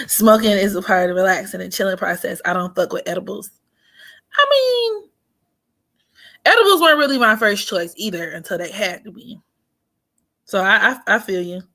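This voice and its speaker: A woman, telling a story in a casual chat, animated and profane, often laughing. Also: mid-range voice, normal speed, long pauses. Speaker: astrology streamer.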